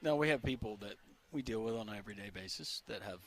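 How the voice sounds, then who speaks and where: A man's voice: on the low side, fast talker. A man co-hosting a radio talk show, friendly and teasing. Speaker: radio host. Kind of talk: casual sports radio chat.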